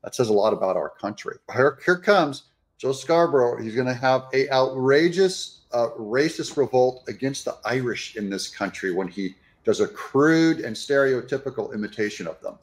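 A man giving sarcastic, animated reaction commentary on news clips. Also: mid-range voice, moderate pace. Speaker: political commentator.

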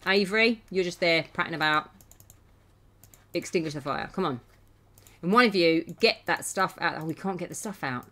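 A woman, chatting excitably through a game stream, laughing often and scolding the characters. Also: fairly low pitch, moderate pace, long pauses. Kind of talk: casual gameplay commentary. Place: home.

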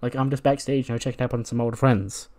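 A man's voice: mid-range voice, steady tone, quick pace, darkish tone, natural voice. Confused lady wrestler, guy voicing her, hesitant. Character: puzzled female wrestler backstage.

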